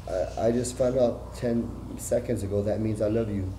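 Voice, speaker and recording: A middle-aged man, talking in a rambling, profane monologue that jumps from loud outbursts to low mutters. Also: steady tone, moderate pace, hardly any pauses, a little hiss or hum. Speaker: vlogger.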